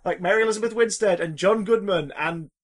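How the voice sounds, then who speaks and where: A man co-hosting a casual film podcast, animated and profane, acting out reactions with loud exclamations. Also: sits high, brisk, husky. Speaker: podcast co-host.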